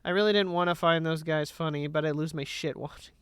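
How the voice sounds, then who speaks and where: A woman's voice: sits low, fast talker, smooth, dry recording, clean studio sound. A woman streamer chatting bluntly and jokingly while reading a game, with faint game music behind. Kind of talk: casual game commentary.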